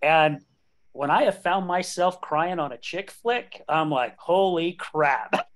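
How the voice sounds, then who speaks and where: A man's voice: on the high side, lively intonation, unhurried, fairly bright tone. A man in his late fifties hosting a podcast, talking candidly and joking, laughing often. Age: late 50s. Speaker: podcast host. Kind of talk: casual conversation.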